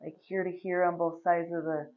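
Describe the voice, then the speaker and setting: A woman's voice: fairly low pitch, moderate pace. Woman guiding a yoga class, easygoing and chatty, kinda dull lo-fi sound. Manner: chatty, laughs often, relaxed instructions. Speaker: yoga teacher. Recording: slightly dull, lo-fi recording.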